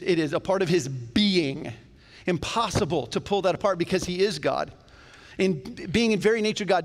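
A male pastor preaching a sermon in a church, talking to the congregation in a conversational, animated way with jokes along the way. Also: high voice. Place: church sanctuary. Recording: long reverb of a church hall.

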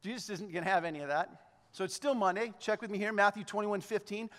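A man preaching a sermon, animated, acting out the lines of the figures he talks about. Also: fast, in a large hall. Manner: hushed, low voice in prayer. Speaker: pastor.

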